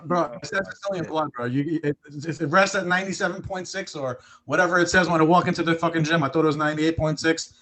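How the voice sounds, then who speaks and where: A man's voice: fairly high pitch, fairly even intonation, fast, hardly any pauses, pushed and bright. A man in his thirties co-hosting a sports podcast, ranting heatedly with lots of swearing and restarts. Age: 30s. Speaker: podcast co-host. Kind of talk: casual sports talk.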